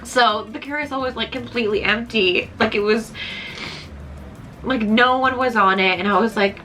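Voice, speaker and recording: A young woman vlogger tells a personal story in a chatty, casual way, saying "like" constantly and growing tearful at moments. Her voice is a little high, bright and forceful at a moderate pace, with soft music in the background.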